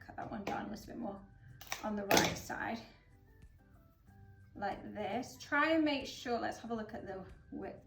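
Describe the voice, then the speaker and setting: Chatty woman in an echoey room. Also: medium pitch. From England. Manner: chatty, upbeat, explaining with many fillers. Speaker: florist host. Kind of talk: casual flower-arranging demonstration. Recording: roomy echo, mic at a distance, faint background music.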